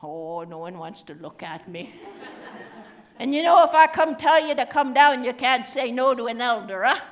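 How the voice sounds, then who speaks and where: A woman's voice: a little high, lively intonation, normal speed, close to an everyday voice. A woman playing a cheeky old Cree auntie. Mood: coaxing. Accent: Cree-inflected English. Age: older. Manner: teasing, chatty, drops grammar endings. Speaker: stage storyteller. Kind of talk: live comedic character monologue.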